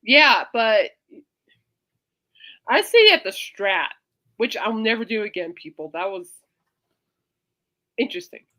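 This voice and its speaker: Lively, bright-voiced woman podcast host. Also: medium pitch, takes it slowly, long pauses. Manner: animated storyteller, swings loud and soft, addresses listeners as "people". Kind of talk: casual rambling chat.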